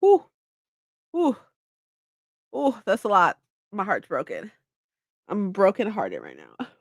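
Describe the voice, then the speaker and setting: A woman's voice: mid-range voice, wildly swooping pitch, takes it slowly, vocal fry, no room sound. A woman in her twenties casually chatting on a livestream, playful and mock-dramatic as she reads her chat aloud. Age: 20s. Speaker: livestream host.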